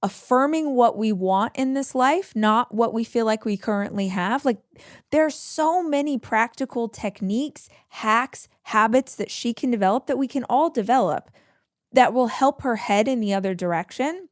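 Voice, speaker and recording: In a studio-quality recording with no echo, a woman with an expressive, somewhat high voice talks at normal speed. As podcast host, she gives earnest, emphatic advice in a monologue, frequently repeating key phrases.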